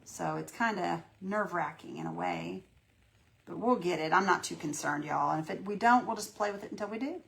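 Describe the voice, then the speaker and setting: A woman's voice: lowish voice, a little fast, gravelly, fairly bright tone. A woman hosting a casual live painting tutorial, folksy and chatty, greeting viewers by name and talking herself through each step. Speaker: craft livestream host.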